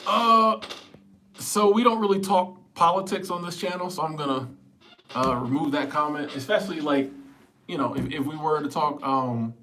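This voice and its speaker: There's slight background noise as this middle-aged man, using a small clip-on wireless mic at home, hosts a relaxed livestream. His fairly high voice sounds pushed and bright at a moderate pace, and he laughs often, reads comments aloud, and stumbles on repeated words.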